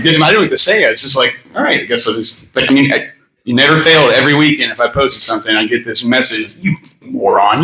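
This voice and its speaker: Poor audio captures a man in his thirties delivering a story-heavy, meandering eulogy with fillers and bursts of laughter. His mid-range voice has a sharp tone. The room sounds spacious, with slight background noise, at this memorial gathering.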